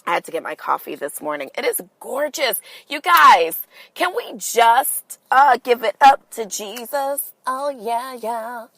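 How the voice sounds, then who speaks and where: A sassy woman hosting her own podcast, speaking slowly and deliberately with a bright, forceful voice. She is candid and playfully profane as she talks straight to her listeners. Her voice sounds close and dry, with no room echo. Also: a little high, sing-song. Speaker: podcast host. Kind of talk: casual solo podcast monologue.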